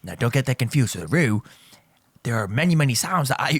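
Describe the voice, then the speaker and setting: A Japanese language teacher with a medium-pitched, slightly rough voice speaks at a normal speed, his pitch swinging widely, in clean studio-quality sound without room echo. He gives a casual, joking lesson, playfully teasing his students, repeating points, and correcting himself.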